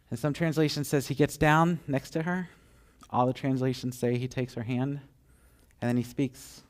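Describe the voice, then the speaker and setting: A man preaching a sermon, telling the story with animated acted-out voices and dropping to a hushed, tender tone at moments. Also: mid-range voice. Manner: drops to soft, hushed tones for tender moments. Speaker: pastor.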